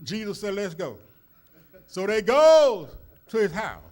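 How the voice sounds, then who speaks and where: High-voiced preaching man. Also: big pitch swings, unhurried, darkish tone. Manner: preaching with rising call-and-response emphasis; folksy storytelling with many uh fillers. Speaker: minister. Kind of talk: sermon. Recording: church service recording.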